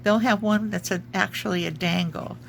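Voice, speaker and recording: This woman, a junk journal maker, chats casually through her crafts at a normal pace, her medium-pitched voice fairly even and edged with vocal fry. She has the hiccups, rambles with many ums as she looks for words, and a faint hiss or hum is audible.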